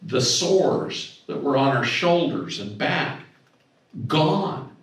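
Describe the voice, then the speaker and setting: A man's voice: fairly high pitch, takes it slowly. A middle-aged man giving a storytelling talk at a symposium, acting out the voices in his anecdotes with sudden bursts of energy. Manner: animated anecdote-telling, acts out dialogue with raised voice. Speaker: speaker at a symposium. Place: hotel conference room. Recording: echoey hall, voice from far off.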